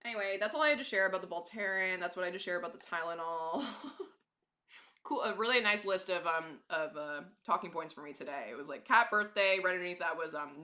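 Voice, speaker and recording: Woman, live streamer, casual rambling chat, frequent laughs, bright forceful tone, lowish pitch. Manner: rambling, chatty, laughs often, swears casually.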